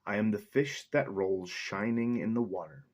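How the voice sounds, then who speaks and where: Husky-voiced man reading poems casually. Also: lowish voice, animated, normal speed. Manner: chatty, joking asides. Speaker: vlogger reading poetry aloud. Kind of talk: casual chat and poetry reading.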